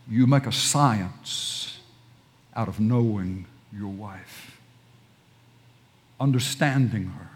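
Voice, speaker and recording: A man preaching a sermon, dropping to near whispers and then rising to urgent, repeated emphasis. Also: medium pitch. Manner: repeats and restarts phrases when pressing a point.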